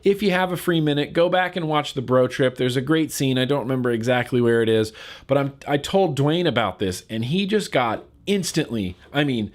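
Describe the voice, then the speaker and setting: A man's voice: medium pitch, expressive, a little fast. A man from California talking casually to camera in a vlog, getting fired up and repeating words for emphasis. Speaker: vlogger.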